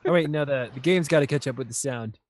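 A man chatting as a guest on a game stream, excitable and cheering. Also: mid-range voice, quick pace. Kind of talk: casual stream chat.

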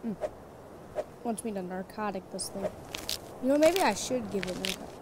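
A woman giving casual, playful commentary on her own gameplay, chatting to the animals in the game and jumping between loud bursts and quiet mutters. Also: medium pitch, animated, moderate pace. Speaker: gamer. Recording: loud background noise.

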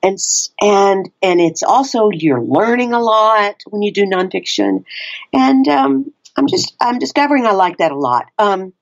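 A woman's voice: mid-range voice, expressive, measured pace. Chatty woman narrator, a bit muffled. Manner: chatty, laughs easily, self-deprecating. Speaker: audiobook narrator and actor. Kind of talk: casual interview answers.

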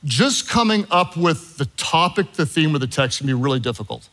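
Middle-aged guy preaching, kinda high voice, jokey and animated, pokes fun at himself. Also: moderate pace. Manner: animated, self-deprecating, jokes with the audience. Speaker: pastor. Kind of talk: sermon with storytelling.

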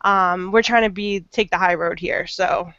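A woman's voice: fairly low pitch, fairly even intonation, normal speed, a bit bright, no room sound, muffled recording. A woman guesting on a podcast, earnest and exasperated, often restarting her sentences. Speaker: guest investigator. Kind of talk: casual interview.

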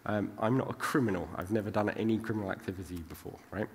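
A British conference speaker with a fairly low, steady voice talks quickly and casually in a large hall with long reverb. He's chatty, constantly tagging lines with "right?" to check in with listeners.

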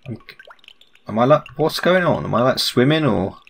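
A man's voice: mid-range voice, animated, moderate pace, creaky, fairly bright tone, a little hiss or hum. A young man doing let's play commentary on a game, asking puzzled running questions and reading the characters' lines aloud. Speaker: gaming YouTuber.

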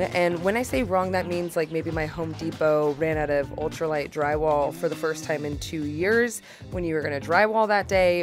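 A woman with a low voice narrates a DIY vlog in a candid, chatty way, poking fun at herself as she goes. Soft music plays underneath the voice-over. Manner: chatty, candid, self-deprecating. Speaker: DIY vlogger.

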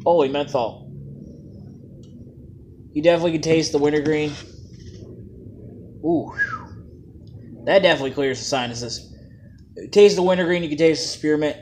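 A man's voice: fairly high pitch, normal speed, pauses often, darkish tone, slight background noise. A man casually reviewing vape juices, joking and plain-spoken in a laid-back way.

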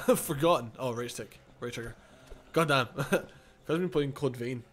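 A man's voice: medium pitch, normal speed, fairly bright tone, soft background music. A man casually commenting on his own gameplay, rambling, correcting himself and chuckling as he goes. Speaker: gaming channel host. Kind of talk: casual let's-play commentary.

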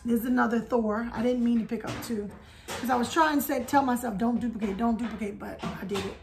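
A woman's voice: fairly high pitch, brisk, gravelly, background noise. A woman hosting a casual haul vlog, chatting to viewers and calling them y'all. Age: adult. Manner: chatty, addresses viewers as y'all, hums theme tunes. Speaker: haul video host.

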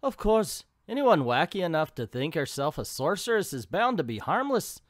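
A man's voice: a little high, very animated, moderate pace, dry recording, studio quality, pitched above the performer's own voice. A man voicing a rich old miserly duck from a comic in a poor put-on Scottish accent, amused and reading aloud.

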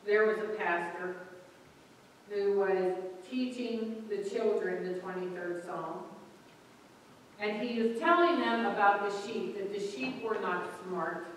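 Woman pastor, sermon, unhurried storytelling, long church reverb, faint room hum. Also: medium pitch. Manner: storytelling with lively quoted voices. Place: church sanctuary. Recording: echoey church from far off.

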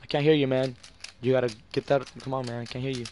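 A young man hosting a gaming session, talking fast and loose with friends, excitable and profane, swearing and calling out plays. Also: medium pitch, a little hiss or hum. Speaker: gamer host. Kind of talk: casual gaming chat.

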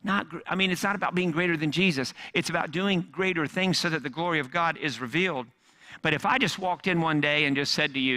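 A man preaching a sermon, telling a story with dramatic swings from loud emphasis down to hushed, near-whispered lines. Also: fairly high pitch, normal speed. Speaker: pastor.

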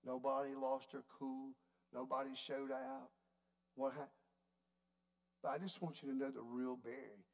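A man preaching a sermon, telling a story in a folksy, animated way. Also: mid-range voice, measured pace, creaky, pauses often. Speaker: pastor.

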